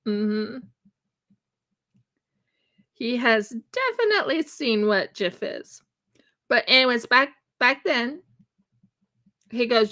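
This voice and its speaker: An American woman in her home craft room chats slowly on a livestream in a mid-range voice, with long pauses. She's chatty and animated, telling a funny story and acting out its dialogue.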